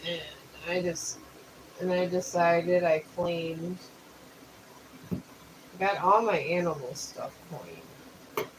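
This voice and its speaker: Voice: medium pitch, drawn-out words, pauses often, rough recording. A live streamer chatting casually while painting, thinking aloud and explaining the art supplies step by step. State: just woke up. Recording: steady background noise.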